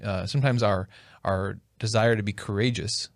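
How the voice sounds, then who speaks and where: A man's voice: lowish voice, steady tone, moderate pace, creaky, no room sound, studio quality. A man hosting a conversation, thinking aloud in a reflective way with restarts. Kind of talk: casual conversation.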